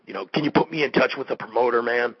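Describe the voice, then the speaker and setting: Dude doing a whiny eager hanger-on guy, rushing his asks, kinda husky. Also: mid-range voice, no echo, lo-fi sound, natural voice. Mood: wheedling. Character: eager wheedling male wrestling hanger-on.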